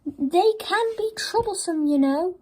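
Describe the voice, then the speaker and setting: A woman voicing a bossy but caring female quarry diesel engine, speaking high and brisk. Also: lively intonation, mellow. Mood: warning.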